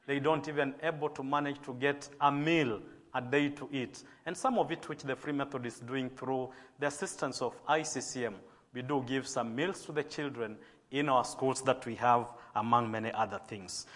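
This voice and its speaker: A man's voice: mid-range voice, a bit bright. A man from Kenya with a Kenyan English accent, a bishop preaching a sermon in an earnest way, stressing key words and adding apologetic asides.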